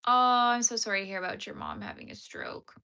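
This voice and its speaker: Bright-voiced woman chatting with viewers. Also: medium pitch, huge pitch swings, fairly quick, creaky, clean tone. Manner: chatty, answers viewer comments. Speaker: crochet livestream host. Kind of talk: casual chat with live viewers.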